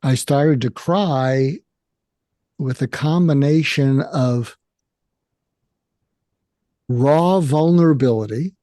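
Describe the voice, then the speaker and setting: An older man with an American accent, a psychiatrist speaking candidly and haltingly about his own feelings in an interview. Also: mid-range voice, warm tone, dry recording, studio quality. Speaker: guest, psychiatrist. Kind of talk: emotional personal conversation.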